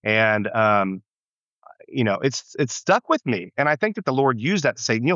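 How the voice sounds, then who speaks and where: A man's voice: medium pitch, sing-song, moderate pace, fairly bright tone, no echo. A man from the United States, a pastor, telling his story in an interview in an earnest, reflective way with frequent restarts. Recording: dull muffled lo-fi sound.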